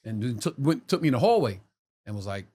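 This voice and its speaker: A man in casual podcast chat, telling animated, profane stories about school. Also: medium pitch, fast, slightly rough. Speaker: podcast co-host.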